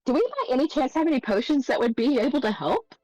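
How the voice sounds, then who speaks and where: A woman player in a tabletop game, excitable and gushing, laughing often. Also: high voice, fast talker, dry recording, highs cut off. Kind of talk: tabletop role-play chat.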